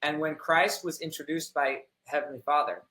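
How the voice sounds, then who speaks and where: A man's voice: on the high side, normal speed, sharp tone, echoey room, poor audio. A man in a casual faith podcast conversation, thinking aloud and searching for the right words.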